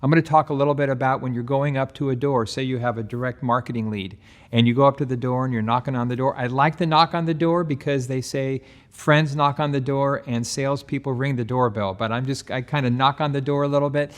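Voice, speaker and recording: A middle-aged man with a voice of ordinary pitch gives a casual sales training talk. He speaks in a relaxed, conversational way, slipping into short acted-out exchanges with customers at the door. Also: brisk. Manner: relaxed, acts out doorstep dialogue.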